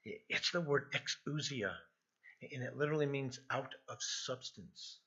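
Middle-aged male pastor, bright husky tone, earnest sermon delivery, dull lo-fi recording. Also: mid-range voice, unhurried. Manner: earnest, repeats words when emphasizing. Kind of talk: expository sermon. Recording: dull lo-fi sound.

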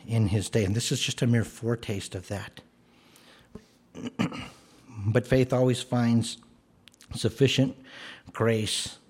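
A man preaching a sermon, earnest and explanatory, rising to emphatic declarations and dropping to a soft, gentle tone. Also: on the low side, slightly rough. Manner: earnest, rises to emphatic commands then drops soft.

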